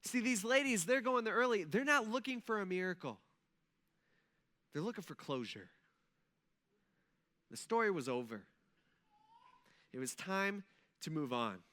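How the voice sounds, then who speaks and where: Casual, high-voiced young pastor. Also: male voice, expressive, a little slow, long pauses, sharp tone. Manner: casual, joking storyteller with lots of fillers. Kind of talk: conversational sermon.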